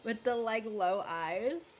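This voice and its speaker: A woman's voice: fairly high pitch, lively intonation, slow pace, soft background music. Chatty, joking woman streamer. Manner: chatty, joking, laughs often. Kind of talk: casual live-stream chat.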